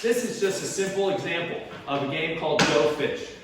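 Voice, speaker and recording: A man teaching as a PE teacher pumps up reps with whoops and counting, sweating and out of breath in a hot home garage during an energetic workout lesson. He speaks fairly quickly in a slightly high voice. The far-off recording is echoey, with heavy background noise.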